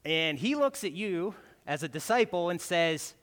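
A man's voice: high voice, sing-song, a little slow, fairly bright tone. A man giving a guest sermon in a conversational way, often tagging his points with "right?". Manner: conversational, keeps asking "right?". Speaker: guest preacher. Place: church. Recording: church hall with long reverb.

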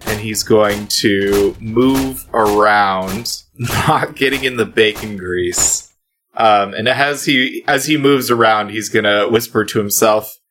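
A man playing a tabletop game who describes his moves deliberately. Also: fairly low pitch, fairly bright tone, a little hiss or hum. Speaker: player.

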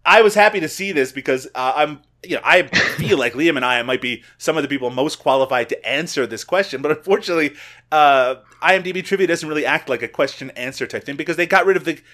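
A man hosting a comedy movie podcast, playful and quick to laugh. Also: on the high side. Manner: animated, laughs often, playful. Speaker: podcast host. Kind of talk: casual banter and movie recaps.

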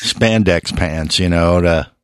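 A man hosting a radio show, his voice raspy from a cold, bantering and teasing his co-hosts in casual chat. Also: deep voice, slow, no echo, studio quality.

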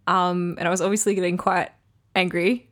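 A woman's voice: lowish voice, little pitch movement, brisk, a bit bright. A woman hosting a solo podcast, talking candidly and reflectively about her relationship, with frequent ums. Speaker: podcast host. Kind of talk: casual solo podcast talk.

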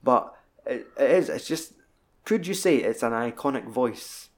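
Man, podcast co-host, casual sweary film chatter, ordinary middle pitch. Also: lively intonation, a little slow. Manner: loose, sweary, lots of "like".

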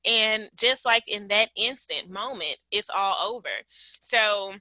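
A woman's voice: mid-range voice, takes it slowly, pushed and bright, dry recording, rough recording. A woman in her late twenties, sharing a personal story as a guest in a candid, reflective way, with frequent fillers and restarts. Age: late 20s.

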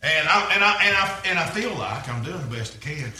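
Folksy preacher, bright echoey sound. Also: male voice, fairly high pitch, animated, brisk. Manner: folksy, rambling, repeats himself. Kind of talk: storytelling sermon.

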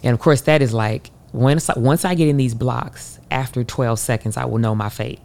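A woman in her thirties from the United States, an Olympic hurdler telling a race story as an interview guest, acting out quotes with sudden leaps in pitch. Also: moderate pace, creaky. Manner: animated, acts out her own voice and others in quotes. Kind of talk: emotional storytelling.

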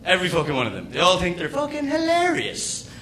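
Young irish guy doing stand-up, swears a lot, bright voice, faint noise behind. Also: sits high, fast. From Ireland. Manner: profane, animated storytelling with loud acted-out outbursts. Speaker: stand-up comedian. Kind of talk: stand-up comedy set.

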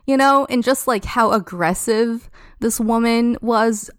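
Young woman, podcast guest, rambling casual storyteller; smooth tone, dry sound. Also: on the high side, a little slow, dry recording. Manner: chatty, heavy use of "like".

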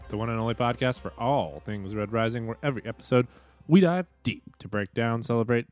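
A man hosting a casual podcast, upbeat and quick to laugh. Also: medium pitch, a little mellow, soft background music. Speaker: podcast host.

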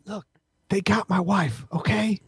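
Man voicing a panicky small-town mayor, stuttering, husky, slightly high. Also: fairly even intonation, measured pace, no room sound, clean studio sound, exaggerated voice. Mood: desperate. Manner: stammering, fearful. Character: nervous frightened middle-aged male mayor.

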